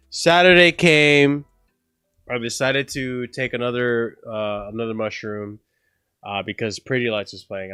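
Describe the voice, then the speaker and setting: A man's voice: medium pitch, no echo, studio quality. A man casually telling a story on a livestream, rambling and profane, full of "bro" and "like". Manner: animated, laughing through the story.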